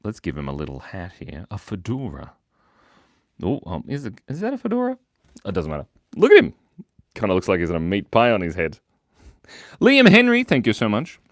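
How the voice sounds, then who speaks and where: A man's voice: deep voice, huge pitch swings, brisk, dry recording, clean studio sound. A young man hosting a casual live stream, chatting playfully with viewers as he draws and reads out their comments. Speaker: livestream host drawing for viewers.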